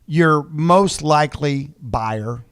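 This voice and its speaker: A man co-hosting a business show, talking in a halting, easygoing way with many repeats. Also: a little high, clean tone. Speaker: co-host. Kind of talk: casual chat.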